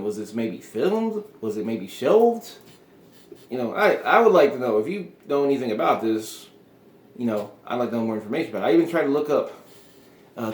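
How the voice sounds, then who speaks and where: A man's voice: medium pitch, a little mellow, echoey room. A man hosting a casual solo show, rambling through his thoughts with frequent chuckles and trailing off. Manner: meandering, chuckling often, trailing off. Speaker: podcast host.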